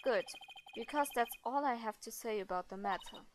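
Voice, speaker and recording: A woman's voice: a little high, normal speed, a little hiss or hum, voice pushed down, natural voice. A woman voicing a smug, aloof young man who speaks curtly and coolly.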